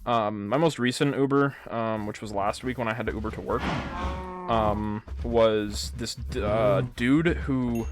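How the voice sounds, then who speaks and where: A man's voice: fairly low pitch, fairly even intonation, a little slow, background noise. A young man rambling casually and swearing a lot while he plays a game and tells stories, with plenty of fillers. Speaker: gaming vlogger.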